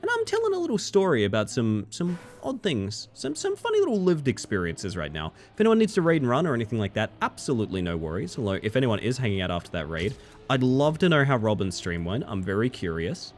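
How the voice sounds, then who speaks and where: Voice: medium pitch, huge pitch swings, fast, slight background noise. A streamer chatting casually and telling a rambling personal story to their live viewers, with lots of fillers.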